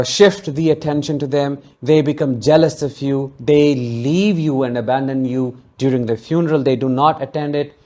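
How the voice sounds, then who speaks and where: A man hosting a solo podcast, telling a personal story in an earnest, emotionally charged way and speaking consolingly to his listeners. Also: mid-range voice. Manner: warm, consoling sign-off to listeners. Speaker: podcast host.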